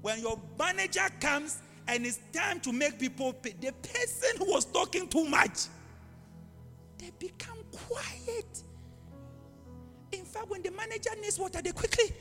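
Animated high-voiced preacher in a hall. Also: male voice, a little slow, soft background music. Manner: animated storytelling, acting out voices and animal sounds. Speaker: pastor. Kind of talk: sermon.

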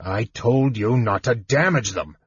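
A man voicing a big, stern male warrior who speaks in a deep, growling, curt way, in a storybook reading. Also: animated, measured pace, husky, dry recording. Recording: dull lo-fi dry recording.

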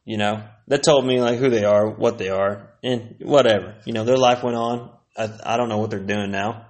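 A man's voice: lowish voice, fairly even intonation, moderate pace. Laid-back man rambling on a podcast. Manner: rambling, profane, laid-back, sipping whiskey. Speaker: podcast host. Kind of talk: casual solo podcast reminiscing.

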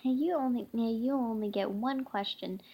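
A woman's voice: on the high side, a little slow, warm tone, breathy edge. Woman reading as bossy schoolgirl Judy Moody. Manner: eager, stumbling read.

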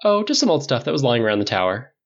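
A man voicing a wry, quick-witted man with a joking, breezy manner, in a dull lo-fi recording. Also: a little high, big pitch swings, pitched above the performer's own voice.

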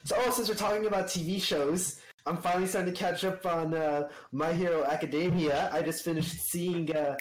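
A man's voice: a little high, steady tone, brisk, few pauses, echoey room, poor audio. A young American man co-hosting a podcast in casual chat, rambling enthusiastically and laughing often. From United States. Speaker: podcast co-host.

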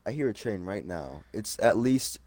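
A young man with a very deep, dark voice makes offhand jokes in a casual podcast chat. The sound is dry and close, with no room around it. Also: lively intonation, normal speed, no echo. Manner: joking, offhand.

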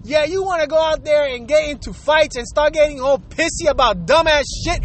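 High-voiced middle-aged man ranting. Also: a little fast, few pauses, fairly bright tone, slight background noise. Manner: heated, swearing, rhetorical questions to the audience. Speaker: vlogger. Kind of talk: profane ranting monologue.

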